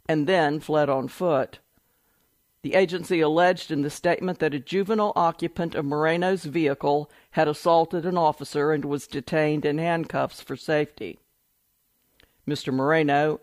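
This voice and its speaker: A man reading a news report aloud in a steady, measured way, announcing each quotation with "quote". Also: on the high side, dry recording. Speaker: article reader.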